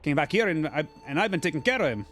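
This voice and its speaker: A man's voice: fairly high pitch, sing-song, fast, a bit bright, soft background music. A man voicing a protective village mother in a game, in a clumsy attempted Scottish brogue. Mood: caring. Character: protective village mother, stern but caring. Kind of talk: reading game dialogue aloud.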